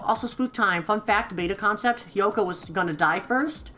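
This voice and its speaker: A woman plays a visual novel as a let's player, voicing its dialogue in playful character voices, laughing often and commenting between lines. Her fairly low voice is expressive and slightly bright, moving at a moderate pace with hardly any pauses, over faint background music.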